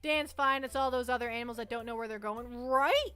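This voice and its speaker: A young Canadian woman chats loosely on a livestream, with a high voice that rings bright. She rambles and trips over her own words, and faint music plays underneath. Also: a little fast, smooth. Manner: rambling, chatty, self-interrupting. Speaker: livestream host. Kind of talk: casual chat with chat.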